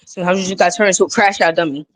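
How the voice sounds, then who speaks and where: A woman's voice: fairly low pitch, rapid-fire, a crowd in the background. A woman co-hosting a casual chat, joking around playfully.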